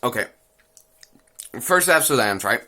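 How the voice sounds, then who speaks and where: A man's voice: medium pitch, animated, moderate pace, sharp tone. A young man giving a crude, mocking, rambling recap of an anime episode, repeating phrases as he rants. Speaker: anime reviewer. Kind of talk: casual ranting recap.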